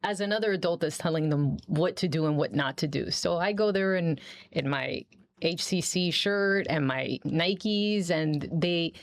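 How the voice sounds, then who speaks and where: A woman guest speaking in an animated way about visiting children, voicing their lines brightly. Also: on the low side, measured pace, no room sound. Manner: warm, animated, quotes kids in a raised voice. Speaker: community outreach guest. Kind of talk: interview talk.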